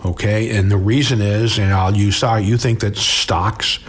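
A man's voice: lowish voice, fairly even intonation, unhurried, husky. A middle-aged man who works as a financial advisor, answering interview questions in a conversational way, restarting words and often ending his points with "okay?".

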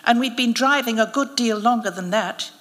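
A woman's voice: on the high side, normal speed, a bit bright, lightly acted. A woman voicing the cutting, dry lines of a scornful young woman in a story read at a live event. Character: scornful young woman hitchhiker, cold and merciless. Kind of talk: literary reading. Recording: long reverb of a live event hall.

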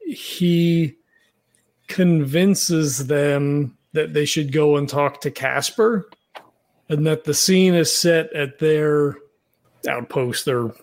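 A man's voice: a little high, takes it slowly. A man playing a tabletop game, rambling and thinking aloud. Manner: rambling, many fillers. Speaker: player. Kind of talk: casual tabletop game play.

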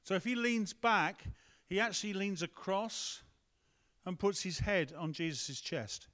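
A man's voice: high voice, animated, unhurried, pushed and bright. A man preaching a conversational sermon, breaking off to ask the room and the tech team for help. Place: church hall with a screen.

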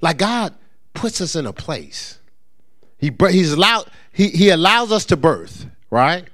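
Male pastor, sermon delivery, slightly high voice with wide, lively inflection. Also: unhurried. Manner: animated preaching with rising emphasis and quoted voices; drops into a low, soft storytelling voice.

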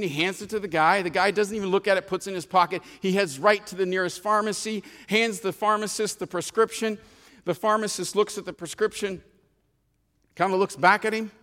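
Man, pastor, sermon, repeats phrases, drawn-out emphasis, church sanctuary. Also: high voice, fairly bright tone, in a large hall. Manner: storytelling preacher, drawn-out emphatic lines, repeats words.

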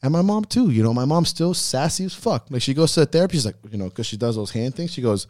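Man, podcast host, casual talk, heartfelt, swears a lot, mellow voice, dry sound. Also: medium pitch, animated, quick pace, dry recording. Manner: profane, heartfelt storytelling.

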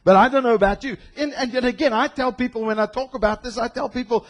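A man from South Africa preaching a sermon, reading scripture slowly and shifting between quiet asides and loud, passionate proclamations. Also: very high voice, steady tone. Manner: draws out scripture quotes slowly. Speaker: pastor.

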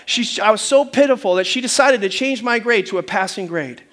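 A man's voice: high voice, a little fast. A male pastor preaching a sermon, telling funny stories, doing voices and calling the congregation to answer back. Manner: animated storytelling with funny voices and audience call-and-response; loud preaching bursts.

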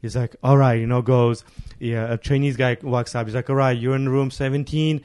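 A podcast host with a mid-range, slightly mellow voice talks at a moderate pace with fairly even intonation. He's an immigrant who arrived around his teens, and he rambles and laughs while telling stories and thanking listeners.

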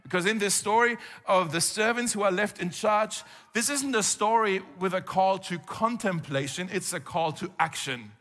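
A man preaching a conversational sermon as a pastor, animated, with frequent rhetorical questions to the congregation. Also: sits high, moderate pace, long reverb tail. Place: church hall.

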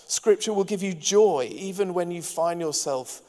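A man's voice: high-pitched, normal speed. Man preaching in a reverberant hall. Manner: earnest, warm preaching with asides to the congregation. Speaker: pastor. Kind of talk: sermon. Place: church hall.

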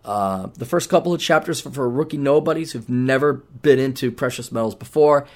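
A man hosting a podcast, talking in a sarcastic, rambling monologue with animated mock rants. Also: medium pitch, a little fast. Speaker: podcast host. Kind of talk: casual monologue.

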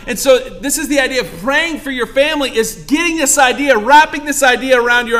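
Man, pastor, sermon, high voice, church sanctuary, congregation asides. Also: pushed and bright. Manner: preaching with call-and-response asides to the congregation.

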